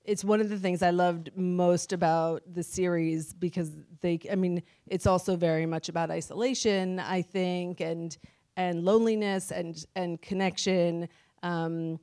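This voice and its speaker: Low-voiced woman moderating a panel. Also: steady tone, dark tone. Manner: thoughtful, halting questions.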